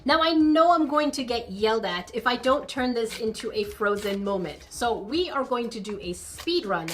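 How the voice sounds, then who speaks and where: A woman hosting a crafting vlog, chatting casually and gushing excitedly over tiny miniature items as she builds a project. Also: on the high side, normal speed, a little hiss or hum. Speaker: crafting channel host.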